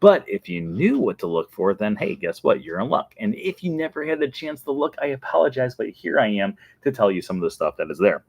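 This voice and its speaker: A man's voice: mid-range voice, big pitch swings, fairly quick, few pauses, a little mellow, no room sound. A man hosting a casual fan show, talking enthusiastically and laughing often. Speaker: host. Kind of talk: casual chat.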